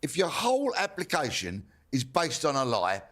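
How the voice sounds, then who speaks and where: A man sharing a story on a studio panel, chatty and colloquial. His voice sits at a plain middle pitch. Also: wildly swooping pitch, moderate pace, fairly bright tone.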